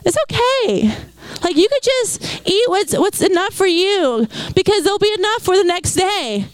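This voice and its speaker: A young woman preaching a lively, conversational sermon, laughing often and talking with casual fillers. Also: extremely high pitch, normal speed, no echo, rough recording.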